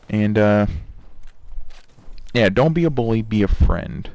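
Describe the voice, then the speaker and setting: A man's voice: fairly low pitch, a little slow, darkish tone, no room sound. A man telling a casual anecdote over gameplay in a rambling, filler-heavy way into a microphone. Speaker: gaming channel storyteller. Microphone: desk microphone.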